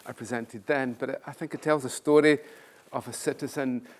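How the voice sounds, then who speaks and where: A man's voice: mid-range voice, steady tone, fairly quick. An older man, a professor giving a conference talk with self-deprecating humorous storytelling. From Scotland. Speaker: keynote speaker, professor.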